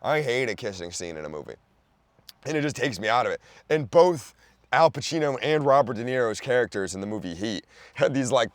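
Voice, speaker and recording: In a dry recording, a young man from around Philadelphia riffs on a movie for his comedy podcast in a mid-range voice. The rant is loose and wandering, crowded with fillers and restarts and punctuated by sudden loud outbursts.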